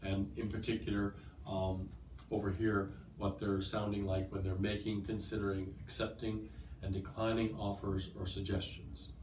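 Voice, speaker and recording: A man with a cold teaches English test strategies at a school. His slightly low voice carries from a distance into a roomy space, with a faint hum of ambience behind. He explains patiently and checks understanding often. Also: flat delivery, normal speed, darkish tone. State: has a cold. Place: language school.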